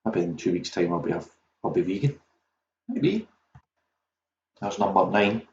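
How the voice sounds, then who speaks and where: A man's voice: low-pitched, fairly even intonation, fairly quick, a little mellow. A Scottish man hosting a quiz, chatting casually and wandering off on self-mocking tangents. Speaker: quiz host. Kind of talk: casual rambling livestream chat. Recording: echoey, dull lo-fi audio with faint noise.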